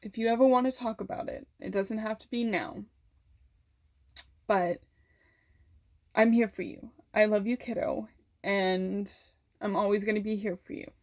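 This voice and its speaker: A woman quoting a gentle, loving aunt. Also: medium pitch, steady tone, unhurried, long pauses, natural voice. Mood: caring. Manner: soft, caring, reassuring. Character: loving, gentle aunt checking in on her niece.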